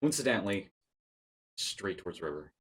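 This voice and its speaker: A man's voice: low voice, sing-song, normal speed, fairly bright tone, slightly rough. A man acting as dungeon master, narrating and calling rolls in a playful manner. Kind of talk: running a tabletop game.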